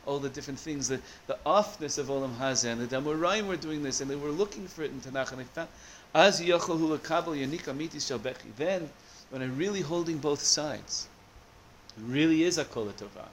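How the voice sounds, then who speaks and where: Animated man teaching a Torah class. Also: on the high side, fairly quick, slight background noise. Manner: animated, searching for words with many restarts.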